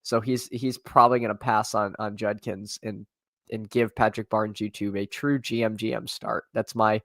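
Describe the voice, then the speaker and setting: A man on a live stream who rambles through his draft picks in a relaxed, chatty way. He stops and restarts his sentences often and talks straight to his viewers. His voice is slightly worn, and it sounds close and dry, with no room echo. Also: lowish voice, moderate pace, gravelly. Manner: rambling, many restarts and fillers, talks to chat. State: voice tiring. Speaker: streamer and fantasy football drafter. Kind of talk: casual live-stream commentary.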